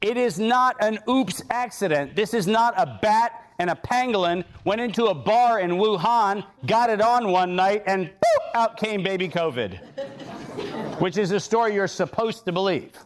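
A man's voice: high-pitched, animated, moderate pace. A man giving an impassioned lecture with slides, sarcastic and emphatic, building to outraged points. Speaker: speaker giving a talk.

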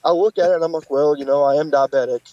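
Guest: man, casual teller, raised voice, lively pitch jumps for quoted people, dry lo-fi sound. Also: quick pace, a loud crowd. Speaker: podcast guest, wrestler. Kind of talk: casual storytelling. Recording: dull lo-fi podcast audio.

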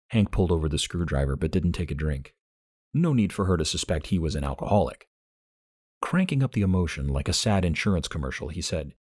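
A man narrating a short story in an even, measured way. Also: sits low, slightly rough, no echo, studio quality. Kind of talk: audiobook fiction narration.

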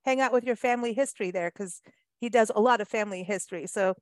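A woman's voice: medium pitch, fast talker, dry recording. Chatty woman radio host. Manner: chatty and animated, lots of "you know" and "like". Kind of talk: casual radio interview chat.

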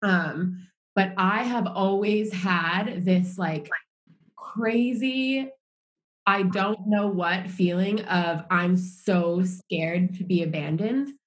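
A woman's voice: medium pitch, slow pace, low-quality recording. An American woman chatting casually as a podcast co-host, rambling with lots of "like" fillers. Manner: rambling, heavy use of "like" fillers. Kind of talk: casual chat.

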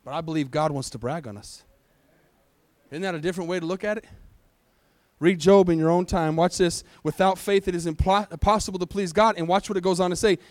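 A man's voice: high-pitched, fairly quick, no room sound. A pastor preaching a midweek sermon to his church, full of rhetorical questions and call-and-response.

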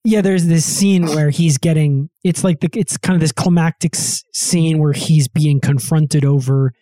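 A man's voice: fairly high pitch, fairly even intonation, unhurried, dark tone, dry recording. A man hosting a comedy podcast in casual chat, rambling, with lots of restarts. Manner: rambling, full of fillers and restarts.

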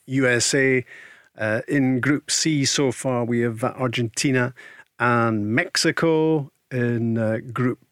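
A man's voice: mid-range voice, a bit bright, no room sound. A man hosting a football radio show in a studio, steering the chat and reading out draw updates in an orderly way. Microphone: studio microphone.

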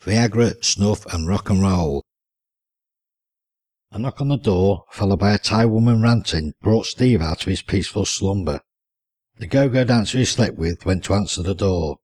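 A man reading an audiobook in a dry, deadpan way. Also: low voice, moderate pace, dry recording. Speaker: audiobook narrator. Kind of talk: scripted audiobook narration.

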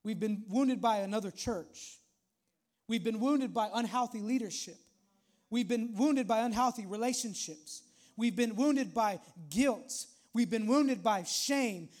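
A man's voice: extremely high pitch, measured pace, a little mellow. A male pastor preaching a sermon in a conversational way, with frequent asides to the congregation.

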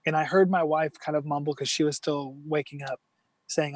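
Speaking as an interview guest, a middle-aged man recounts something personal in an earnest, halting way with many restarts. His pitch is fairly high and his tone steady, with no echo in the recording.

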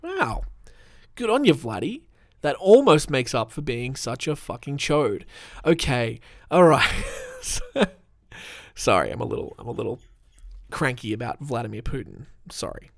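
A man's voice: medium pitch, big pitch swings, normal speed, creaky, long pauses, no echo, studio quality. A man hosting a podcast, chatting casually and reading news aloud, rambling and swearing with many ums, from a room at home. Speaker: podcast host. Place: room at home with the window open.

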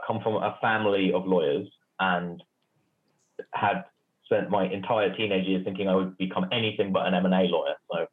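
Man, interview guest, from North London, relaxed wry storyteller, low voice, phone-quality line. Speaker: guest, general counsel.

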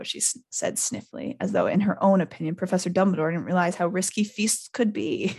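With a fairly low, husky voice, a podcast host reads a book aloud live, speaking briskly with hardly any pauses. She gives the characters animated voices, adds chatty asides, and laughs often.

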